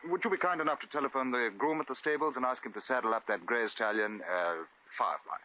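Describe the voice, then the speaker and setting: An actor playing a bored, flirtatious lord with a clipped, drawling manner, in 1950s radio comedy acting. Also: male voice, mid-range voice, quick pace, pushed and bright, slight background noise, natural voice. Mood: languid. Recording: muffled old radio broadcast.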